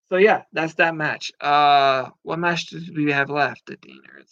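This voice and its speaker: A man's voice: a little high, fairly even intonation, unhurried, few pauses, a bit bright, dry recording. A man in his thirties giving casual, rambling wrestling predictions, with frequent fillers and casual swearing. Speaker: wrestling commentator. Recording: muffled lo-fi dry recording.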